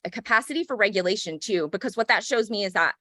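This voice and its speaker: A woman's voice: mid-range voice, animated, quick pace, sharp tone, dry recording. Woman cohost on a parenting podcast, reflective and affirming, dry close mic, keeps saying right. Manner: reflective, affirming, often ends points with "right?". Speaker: podcast co-host. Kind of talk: casual conversational chat.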